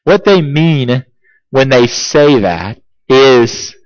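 Slow, deliberate male preacher. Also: medium pitch, expressive, no echo, highs cut off. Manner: asks repeated rhetorical questions, emphatic and deliberate. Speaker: pastor. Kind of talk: sermon.

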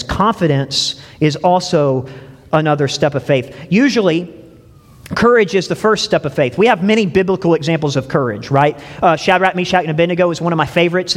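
A man's voice: a little high, brisk. Chatty preacher man in a reverberant church. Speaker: pastor. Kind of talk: sermon. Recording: long reverb of a church hall.

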